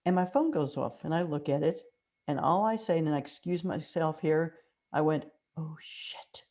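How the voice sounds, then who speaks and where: An older woman with a low voice tells stories in a relaxed interview. She shifts into little acted-out quotes as she goes. The tone is conversational and animated. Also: moderate pace. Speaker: mystery author guest.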